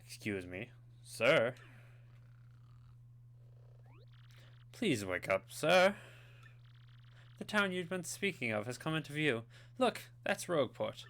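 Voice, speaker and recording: A man's voice: mid-range voice, sing-song, moderate pace, fairly bright tone, voice pushed up. A man voicing a posh, polite boat captain in a video game. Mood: courteous. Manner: posh, formal, courteous.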